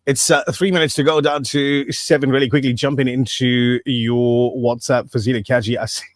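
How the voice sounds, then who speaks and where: A man's voice: medium pitch, level tone, moderate pace, no room sound, studio quality. A man hosting a breakfast radio show, joking and reading out listener messages. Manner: jokey, reads out listener messages. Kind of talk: casual radio banter. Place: radio studio.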